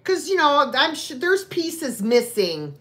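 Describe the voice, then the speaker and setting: Slow, lively-voiced woman running a sale. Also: high-pitched. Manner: chatty, rambling, self-deprecating asides. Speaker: host of a live online sale. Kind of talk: casual live-stream selling chat.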